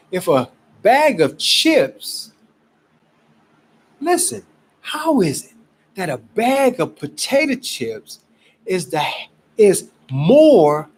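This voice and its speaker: Man, husky high voice, lively and unhurried, emphatic pitchman. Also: poor audio. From Cleveland, Ohio. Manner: emphatic, exasperated, animated preaching. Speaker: gold promoter. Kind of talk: casual selling pitch to camera.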